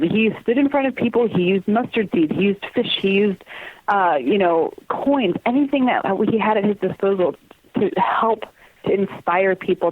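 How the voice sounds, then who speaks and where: A woman in her thirties, a guest in an interview, talking earnestly and warmly about her work and family, laughing often and acting out what others said. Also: medium pitch, no room sound. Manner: earnest and animated, laughs often, acts out quoted voices. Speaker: guest, theater company communications manager. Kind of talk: casual interview chat. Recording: dry, tinny phone line.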